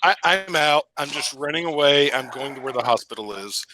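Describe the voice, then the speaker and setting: A man plays a tabletop game in a bright, tense voice. He talks casually and often restarts his sentences. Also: on the high side, animated, fairly quick, a little hiss or hum, rough recording. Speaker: player.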